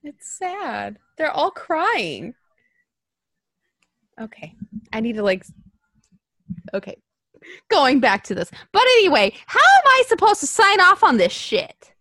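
A woman co-hosting a casual podcast, her high voice leaping up and down with animated energy. She has a bright, ringing tone and swears freely between laughs. The sound is close and dry. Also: slow pace, long pauses, dry recording. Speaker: podcast co-host. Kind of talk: casual chat.

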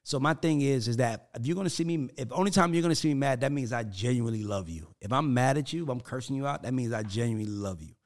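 Man, podcast guest, casual chat, animated storyteller, acts out quotes, mid-pitched voice. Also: fast, hardly any pauses.

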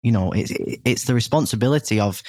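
A man's voice: medium pitch, fast talker, a little mellow, dry recording, clean studio sound. A man, a podcast guest frankly telling a personal story and often restarting his sentences. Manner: earnest, frank, full of restarts and "you know".

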